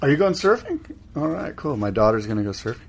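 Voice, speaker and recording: A man's voice: mid-range voice, very animated, fast talker, creaky, husky. A middle-aged man co-hosting a casual podcast chat, playful and teasing, quizzing his partner. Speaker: podcast co-host.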